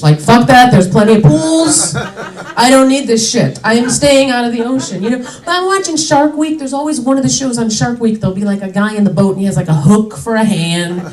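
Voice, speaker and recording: A woman's voice: fairly high pitch, roomy sound, recorded from a distance, rough recording. A young adult woman doing a stand-up comedy set on a club stage, chatty and indignant, with lots of "like" fillers.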